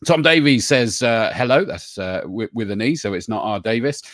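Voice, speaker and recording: A man's voice: medium pitch, lively intonation, moderate pace, fairly bright tone, no echo, clean studio sound. A man hosting a casual live stream, joking with his co-host and reading out viewers' names and greetings.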